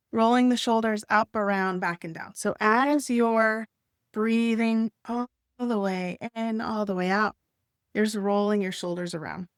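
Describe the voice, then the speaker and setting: A woman gently guiding listeners through a breathing and stretching exercise. Her instructions are soft, encouraging and unhurried, with the odd light laugh. Her voice sits at a middle pitch and sounds close and dry, with no room around it. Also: no echo. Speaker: wellness instructor.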